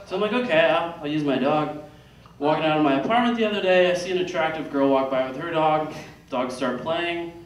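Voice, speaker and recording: This thirties stand-up comic talks fast in a voice on the high side. His theater set pokes fun at himself and includes acted-out lines from other people, captured from far away in an echoey, very noisy room.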